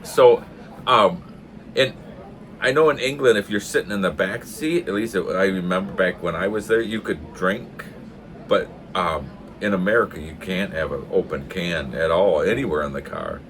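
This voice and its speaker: An older man telling a funny story in a casual way, laughing hard often and acting out the shouted lines himself. He talks in a pub. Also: sits low, normal speed, slight background noise.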